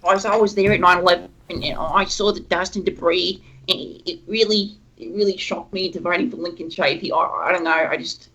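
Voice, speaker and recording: A man's voice: high voice, fairly even intonation, brisk, few pauses, bright, forceful tone, heavily acted, low-quality recording. Man putting on a stammering nasal cartoon guy. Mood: earnest stammering. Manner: stammering, sheepish rambling. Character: bumbling nasal cartoon man, disgraced doctor. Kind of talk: improvised character voice on a stream.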